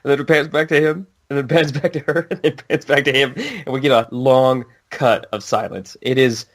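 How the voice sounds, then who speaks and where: A man's voice: medium pitch, moderate pace. A man on a podcast chatting casually and enthusiastically about an anime, swearing freely as he reacts. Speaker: podcast co-host.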